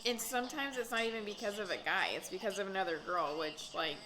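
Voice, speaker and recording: A woman hosting a casual reaction recap of a reality dating show, chatting in a gossipy way with quick asides and bursts of laughter. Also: mid-range voice, crowd noise, rough recording.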